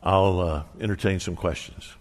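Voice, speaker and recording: A man in his sixties preaches from the pulpit, telling personal stories with folksy humor. His voice sits low. The sound rings out with the long reverb of a big hall. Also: normal speed. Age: 60s. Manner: storytelling, animated, folksy humor. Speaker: pastor. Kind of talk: sermon.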